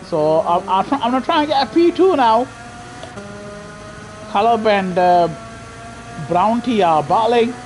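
A high-voiced man commentates his own racing game live from a home setup, talking slowly and casually into a headset. His throat is dry and he keeps breaking into coughs. Faint game sounds sit under his voice. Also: lively intonation. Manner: casual, chatty, says "man" a lot. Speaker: gaming streamer. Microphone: gaming headset. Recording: faint game noise behind.

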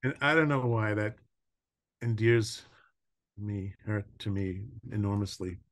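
An older man with a low voice chats easily as a podcast guest. He tells personal stories with frequent laughter and drifting pauses. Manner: warm storytelling, laughing often, trailing pauses. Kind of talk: casual conversation.

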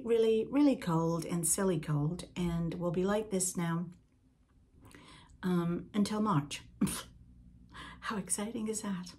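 A woman's voice: fairly low pitch, mellow, slightly rough. An older woman from Britain hosting a podcast in a casual, rambling chat with asides to the listener. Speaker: podcast host.

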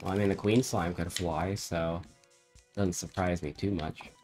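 A man with a very deep voice talking through a game session with a friend. He keeps it relaxed, cracking jokes and laughing along as he plays. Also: measured pace, faint music behind. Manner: laid-back, joking, laughs often. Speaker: gamer. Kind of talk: casual gaming chat.

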